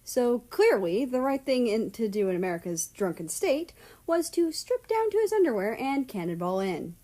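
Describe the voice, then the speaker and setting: A woman's voice: a little high, big pitch swings, normal speed, mellow. A woman narrating fanfiction aloud in a casual reading style with the odd swear. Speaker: fanfiction reader. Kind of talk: storybook narration.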